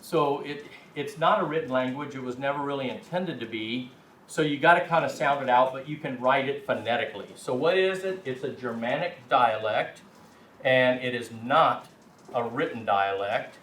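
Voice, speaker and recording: In an echoey classroom picked up by a distant mic, a male language teacher gives a chatty, emphatic lecture to his students. His voice is medium-pitched and a bit bright, his pace moderate, with slight background noise.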